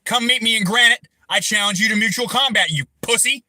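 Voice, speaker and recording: A man in his thirties hosting a livestream, ranting angrily and profanely, breaking into shouted bursts. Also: high-pitched, a little fast, no echo, rough recording. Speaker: livestream host. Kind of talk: angry personal rant on a livestream.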